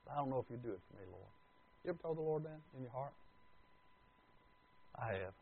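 A man preaching a sermon as pastor, swinging from loud declarations to hushed asides. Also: medium pitch, animated, fast, creaky, husky. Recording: tinny phone-like recording.

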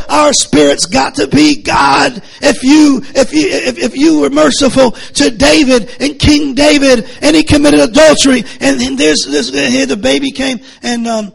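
A male preacher, delivering a fiery sermon that swings from low muttering to shouting, with many repeated words. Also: gravelly.

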